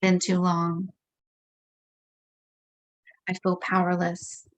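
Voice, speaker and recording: Slow, low-voiced woman leading tapping. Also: completely flat delivery. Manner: slow, measured affirmations voicing frustration. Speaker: EFT tapping practitioner. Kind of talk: guided tapping script, slow repeated phrases.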